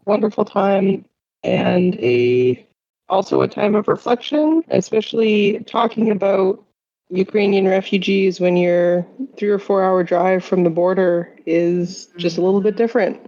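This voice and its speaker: A woman speaking as a podcast guest over a remote link, talking in a reflective, halting way. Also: mid-range voice, vocal fry, dark tone. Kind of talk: casual podcast chat. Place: at home, remote. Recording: lo-fi remote call audio.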